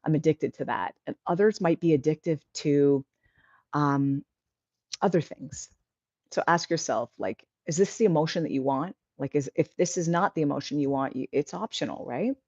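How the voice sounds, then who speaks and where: A woman's voice: sits low, moderate pace, darkish tone, no echo, highs cut off. A woman hosting a casual livestream, reading viewer comments aloud and answering them in an earnest, encouraging way that rambles a little. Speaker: livestream host.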